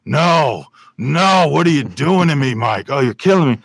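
A man imitating a famous older film actor, with theatrical, drawn-out exclamations about a sound mix. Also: fairly high pitch, animated, vocal fry, husky, no room sound, voice pushed up, heavily acted. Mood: anguished.

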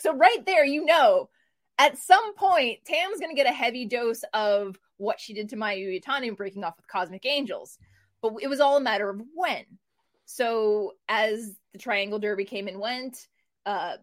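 A woman co-hosting a wrestling podcast, telling match backstories in an animated, casual way with frequent fillers. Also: a little high, moderate pace. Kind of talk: casual preview chat.

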